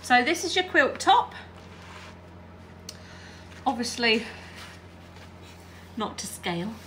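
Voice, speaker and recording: Here the quilting teacher sounds a little high, pushed and bright, speaking slowly but very animatedly over slight background noise. She keeps up friendly chatter while she irons and sews, frequently checking with her viewers: "all right?"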